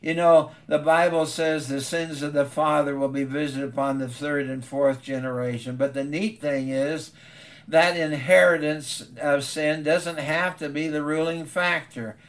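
A man's voice: fairly high pitch, level tone, measured pace. Earnest stammering male preacher. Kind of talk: sermon storytelling.

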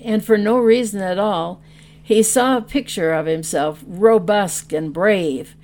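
A woman reading a tender story aloud, gently and unhurried. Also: mid-range voice. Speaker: story reader.

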